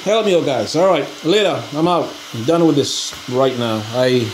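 A man's voice: mid-range voice, expressive, moderate pace. A man hosting a casual RC hobby vlog, rambling in an exasperated way and pleading with viewers for help. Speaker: RC hobby channel host. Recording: noisy ambient background.

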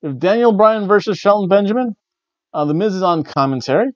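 A man's voice: high voice, animated, brisk, no room sound, dull audio. A man hosting a wrestling review show, rambling in casual chat with wry, jokey asides. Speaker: wrestling review podcast host.

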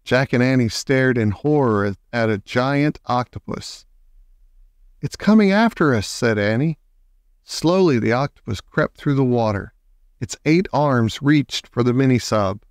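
A man reading a children's book aloud in a slow, expressive storytelling manner. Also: mid-range voice, smooth, no room sound, clean studio sound. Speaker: audiobook reader.

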